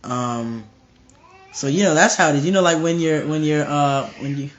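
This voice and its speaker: A man's voice: a little high, normal speed, lo-fi sound. A young man preaching informally to a live stream, emphatic and repetitive, often restarting his phrases.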